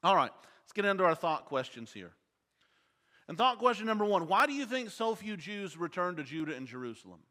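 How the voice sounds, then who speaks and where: Bright-voiced man teaching a Bible class. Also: high voice. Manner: quizzes the class with questions. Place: church auditorium. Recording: long hall reverb.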